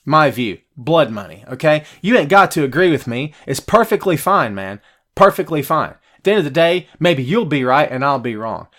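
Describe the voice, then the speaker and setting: This man's voice is a little high and a bit bright, very animated, at an ordinary pace. He's a wrestling podcast host ranting passionately and bluntly on a casual livestream as he answers viewer comments, with slangy, repetitive talk.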